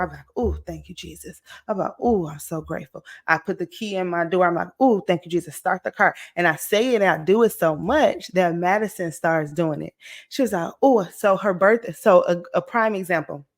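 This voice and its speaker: A woman about to turn forty, giving an energetic, encouraging motivational talk to her viewers, checking in often with "okay?" and "right?". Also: lowish voice, brisk. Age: late 30s. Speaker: motivational vlogger. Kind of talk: casual motivational talk to camera.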